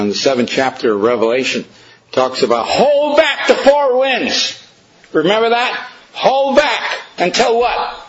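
A man's voice: medium pitch, a bit bright, dull audio, a little hiss or hum. A man preaching a storytelling sermon, emphatic and questioning his listeners.

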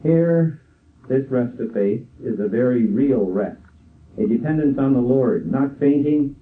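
An older man preaching a sermon in a slow, measured way, quoting scripture. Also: medium pitch, lively intonation. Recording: tinny phone-like sound from far off.

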